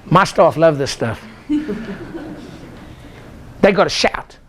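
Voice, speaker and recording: Animated older man leading seminar chants. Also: a little high, slow pace. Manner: animated, exclamatory, leads the crowd in call-and-response chants. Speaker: chiropractor giving a seminar talk. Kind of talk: motivational seminar talk. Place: lecture room with a live audience.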